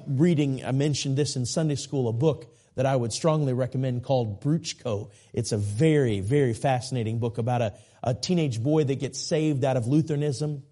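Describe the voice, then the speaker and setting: A man's voice: mid-range voice, dark tone. A middle-aged man from the United States, preaching as an evangelist with passion, repetition and frequent restarts. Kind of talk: sermon.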